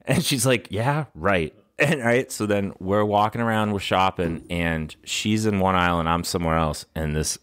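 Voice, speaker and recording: Deep-voiced man telling a story. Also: normal speed, hardly any pauses. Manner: animated storyteller, acts out quotes, laughs often. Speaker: podcast co-host. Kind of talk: casual chat.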